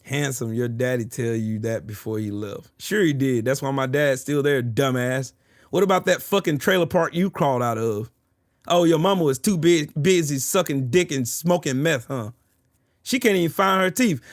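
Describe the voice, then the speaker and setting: This mid-range male voice belongs to a streamer trading insults with his chat, boastful and profane, hammering his taunts repeatedly. The audio is clean studio sound with no room tone.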